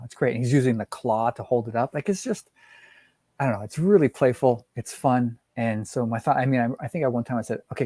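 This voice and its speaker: Rambling man with a mellow voice. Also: mid-range voice, no room sound. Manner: rambling, laughs often, many restarts. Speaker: guest comic art collector. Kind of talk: casual chat.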